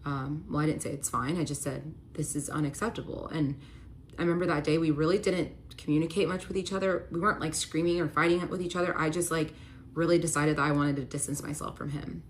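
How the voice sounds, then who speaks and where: A woman's voice: low voice, fairly even intonation, fast talker, slight background noise. A young woman telling a personal story to her viewers. She speaks candidly, with lots of likes and ums, and her voice rises and strains when she relives the fight.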